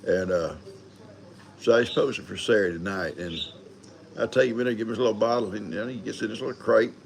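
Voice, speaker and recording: A man's voice: lowish voice, fairly quick, gravelly. An older man hosting a live stream, rambling in a folksy way and greeting viewers one by one. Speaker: livestream host. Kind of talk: casual live chat.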